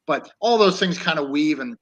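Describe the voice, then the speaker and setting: A man's voice: fairly high pitch, lively intonation, normal speed, fairly bright tone, rough recording. A man co-hosting an online talk show, chatting loosely about an old film with many restarts. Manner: rambling, with many restarts and laughs. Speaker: co-host. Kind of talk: casual film discussion.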